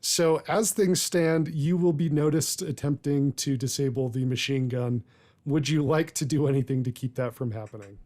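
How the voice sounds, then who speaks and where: A man narrating as game master of a tabletop game, measured and deliberate, with filler pauses. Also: mid-range voice, a little mellow.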